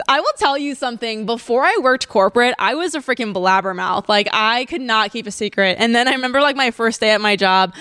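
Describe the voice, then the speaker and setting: A woman's voice: a little high, fairly bright tone, clean tone, dry recording, clean studio sound. A woman, hosting a solo podcast and chatting casually, gushing and laughing often. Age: 20s. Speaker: podcast host.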